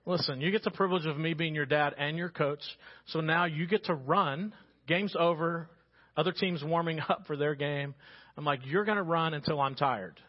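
Pastor preaching, a man with a slightly high voice. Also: moderate pace, dull audio. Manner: storytelling, conversational with sudden quiet drops. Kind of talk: sermon. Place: church sanctuary.

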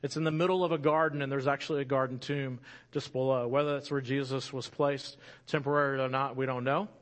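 Man preaching an animated sermon. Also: medium pitch, quick pace.

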